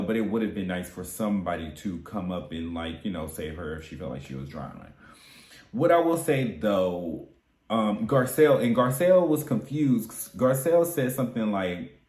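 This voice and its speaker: A man's voice: fairly low pitch, a little mellow, roomy sound. A man giving casual, sassy recap commentary on a reality show, chatty and candid with frequent asides.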